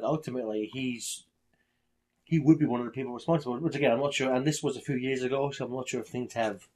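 Blunt husky man giving opinions. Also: mid-range voice, a little mellow. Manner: blunt, rambling opinions with restarts and swearing. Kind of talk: casual chat.

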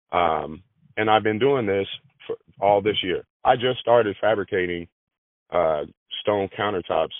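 A man's voice: deep voice, no echo. A man in a conversational interview who repeats and restarts his phrases as he talks. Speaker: granite business manager. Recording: dry, tinny phone-like audio.

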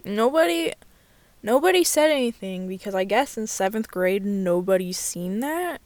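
A woman's voice: mid-range voice, lively intonation, moderate pace, a little mellow, no echo. A young woman telling a candid storytime vlog from inside her car, swearing freely and filling her talk with "like.". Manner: candid, sweary, full of "like" fillers. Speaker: vlogger. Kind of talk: casual storytime chat.

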